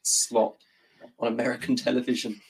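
A British man chatting as a guest, with dry, measured remarks. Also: medium pitch, little pitch movement, husky, rough recording. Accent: British English. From Britain. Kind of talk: casual reaction chat.

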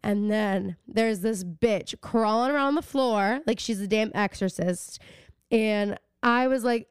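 A woman's voice: fairly high pitch, moderate pace, clean tone, no echo, studio quality. A woman in her twenties, a podcast co-host in casual chat, telling a story with a lot of energy and cursing freely. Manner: animated storytelling, swears freely.

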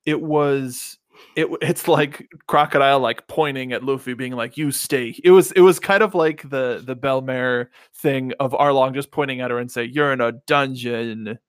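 A man co-hosting a podcast, jokey and halting, with many restarts in casual chat. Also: mid-range voice, fairly even intonation, clear, resonant tone, no room sound, clean studio sound. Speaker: podcast co-host.

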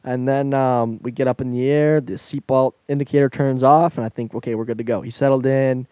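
A man's voice: medium pitch, fairly even intonation, a little fast, clean tone, dry recording, highs cut off. A man casually telling a long travel story on a podcast, laughing as he goes and acting out the voices of the people in it.

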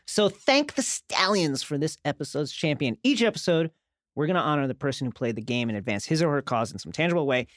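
A man's voice: fairly high pitch, lively intonation, a little fast, a bit bright, no room sound, clean studio sound. A man co-hosting a podcast, recapping an episode in a jokey, profane way and acting out quotes. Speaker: podcast co-host. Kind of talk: casual recap chat.

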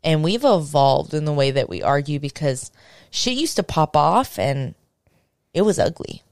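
A young woman hosting a podcast, telling a story in casual chat, animated and swearing, acting out what people said. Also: sits low, unhurried, vocal fry, no room sound, clean studio sound. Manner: animated, swearing, acts out quotes. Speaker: podcast host.

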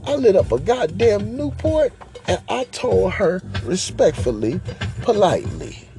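Crude, lively-voiced comic ranting man. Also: high voice, measured pace. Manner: crude, boastful, rambling. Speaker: podcast host. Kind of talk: profane comic rant and rap over a beat. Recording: hip hop beat playing behind.

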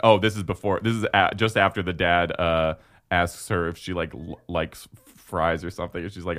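A man's voice: sits low, fairly even intonation, moderate pace, a bit bright. A man co-hosting a casual podcast, recapping a movie in a wry, laughing way with casual swearing. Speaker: podcast co-host.

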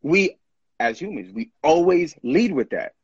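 A man speaks in an earnest, reflective way, with a husky grain to his voice. The sound is dry and a little dull. He often slips into quick voices to show what other people say. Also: a little high, sing-song, no room sound. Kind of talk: casual podcast conversation.

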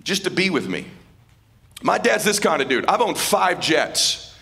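A middle-aged man giving an emotional stage speech as a motivational speaker, casual and slangy, dropping to a hushed voice in tender moments. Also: a little high, sing-song, a little slow, vocal fry. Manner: casual and slangy, calling people dude and man. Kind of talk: emotional speech to a live audience. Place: stage at a live event.

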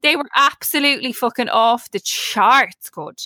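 A woman's voice: a little high, animated, normal speed, sharp tone, no echo. A woman co-hosting a casual podcast chat, jokey and swearing freely.

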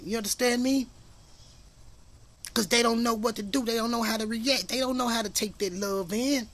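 A man's voice: extremely high pitch, fairly bright tone. A man hosting a podcast in a casual monologue, emphatic, profane and preachy, rambling as he goes. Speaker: podcast host.

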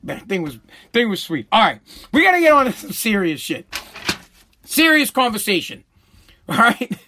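A middle-aged podcast host with a high voice tells stories in a loose, animated monologue, laughing often and swearing freely. He speaks at normal speed, and there's slight background noise.

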